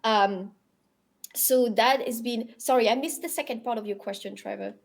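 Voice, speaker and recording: A woman's voice: fairly high pitch, moderate pace. A woman with a French accent, a guest in a casual interview, talking animatedly and often repeating words as she searches for the English phrasing.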